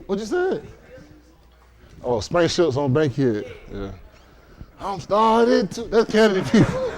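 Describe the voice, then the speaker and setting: A man from Miami speaks to his congregation in a voice pitched somewhat high that swoops up and down. He mixes joking asides and loud whoops with prayer. He is recorded in a synagogue hall during a livestream. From Miami, Florida. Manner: lively, joking, with loud exclamations. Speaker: congregation leader. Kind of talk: casual sermon talk and prayer.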